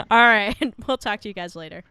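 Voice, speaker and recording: Co-host: giggly tipsy woman, very smooth and resonant voice, dry close sound. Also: medium pitch, sharp tone, no room sound. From United States. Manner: giggly, chatty. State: tipsy from drinking. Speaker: podcast co-host. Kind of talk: casual chat. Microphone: remote call mic.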